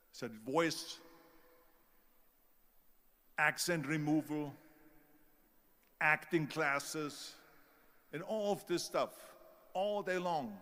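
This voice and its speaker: A man's voice: a little high, pushed and bright. German-accented older man, big hall echo. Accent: Austrian German. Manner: storytelling, acts out quoted doubters. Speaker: motivational speaker. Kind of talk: motivational speech. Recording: long hall reverb.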